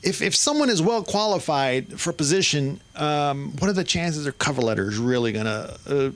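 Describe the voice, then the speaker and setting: A man's voice: fairly high pitch, animated, a little fast. Meandering man hosting a comedy night. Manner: meandering, hesitant, full of fillers. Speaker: host. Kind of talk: stand-up set. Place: comedy club stage.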